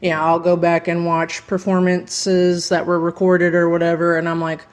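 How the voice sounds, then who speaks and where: Laid-back woman, flat even voice. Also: on the low side, normal speed. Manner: candid, laid-back, swears freely. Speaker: metal band vocalist, guest. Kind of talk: casual interview chat.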